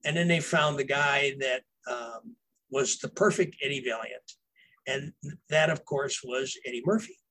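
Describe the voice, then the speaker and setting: A man's voice: medium pitch, a little slow, sharp tone, slight background noise, low-quality recording. A man, a novelist guest, telling casual behind-the-scenes stories in a rambling way, with fillers and restarts. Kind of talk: casual storytelling.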